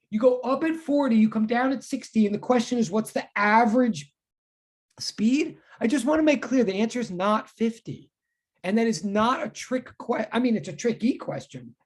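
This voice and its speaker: A woman giving a physics class over a video call, her voice a little husky. She talks in a loose, rambling way, full of asides and jokes at her own expense. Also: fairly high pitch, a little mellow. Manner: chatty, self-deprecating, rambling asides. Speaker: physics teacher. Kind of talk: online lecture.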